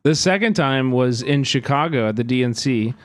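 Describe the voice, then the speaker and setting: A man's voice: mid-range voice, lively intonation, normal speed, a little hiss or hum. A man streaming live, telling a story in an agitated, profane way that rambles with many fillers.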